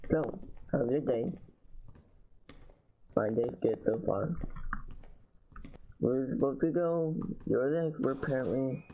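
A man's voice: medium pitch, slow pace, long pauses, dark tone, slight background noise, low-quality recording. A man giving casual let's-play commentary, chatty and slangy, talking to fellow players. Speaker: gamer.

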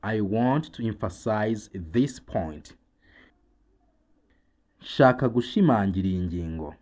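Slow deep-voiced Rwandan man drilling words. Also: lively intonation, darkish tone. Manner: very slow, deliberate, repeats each word twice. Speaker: English teacher. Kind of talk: slow vocabulary drill with translations.

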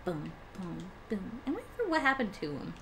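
Her voice is mid-range and a bit bright, moving through big pitch swings at a moderate pace. As a young woman streaming a game live, she talks to chat casually, laughs often and swears without holding back. There's faint noise in the background.

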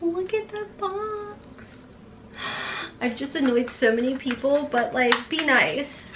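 A woman in her forties unboxing beauty products in a vlog, gushing and gasping with excitement. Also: high-pitched, slow, slight background noise. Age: 40s. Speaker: beauty vlogger.

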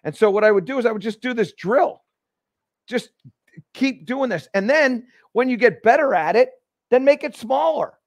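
A man hosting a live golf lesson, explaining each move step by step with energetic restarts in an indoor golf studio. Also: extremely high pitch, normal speed, no echo. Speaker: golf instructor and show host. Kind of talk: live instructional demonstration.

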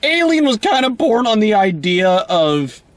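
A man from the United States co-hosting a casual movie review chat, animated and exclamatory. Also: high voice, measured pace, no room sound.

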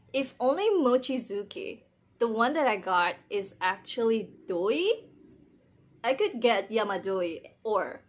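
A young woman chatting casually through an unboxing vlog, very expressive and giggly, squealing with excitement. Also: on the high side. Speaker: vlogger unboxing wrestling merchandise.

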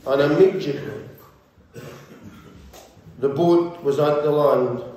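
A man preaching with a high, fervent voice that builds through rhythmic repeated phrases. His sermon rings out in a strongly echoing church hall. A faint room hum sits underneath. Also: slow pace, warm tone. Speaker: pastor.

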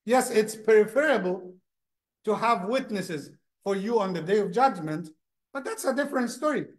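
A man gives a lesson as an imam, speaking in a lively, conversational way. He often repeats words while searching for his point. His voice is high for a man. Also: normal speed. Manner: animated, repeats words, acts out people. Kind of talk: mosque lesson.

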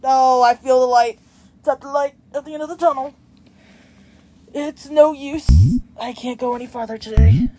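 A woman reading the lines of an old, weary reaper with principles, gentle and formal, over game music. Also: high-pitched, moderate pace. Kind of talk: reading game dialogue aloud. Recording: music playing behind.

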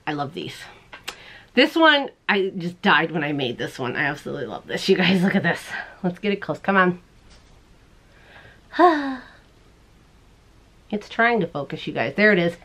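A woman hosting a crochet show, chatting casually to the camera in a bubbly way, laughing often and putting on silly squeaky voices. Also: big pitch swings, normal speed, long pauses, a bit bright. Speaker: crochet podcast host.

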